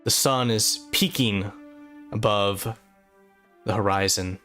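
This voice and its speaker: A man runs a tabletop fantasy session as game master, narrating in a measured, dreamlike second person. His voice sits low and unhurried, dwelling on each phrase. Faint background music plays beneath him. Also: sharp tone. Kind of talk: slow, atmospheric tabletop narration.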